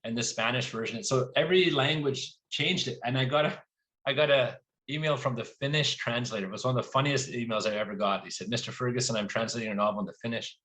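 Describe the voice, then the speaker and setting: A man speaking as an author guest at a live library event, telling lively anecdotes and voicing quoted lines along the way. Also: mid-range voice, fairly quick.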